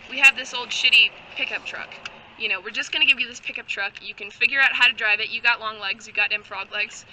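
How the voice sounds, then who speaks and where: A woman's voice: a little high, fairly even intonation, quick pace, noisy background, natural voice. A woman voicing blunt, threatening rural townsmen in a comic tale. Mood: hostile. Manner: blunt, dismissive.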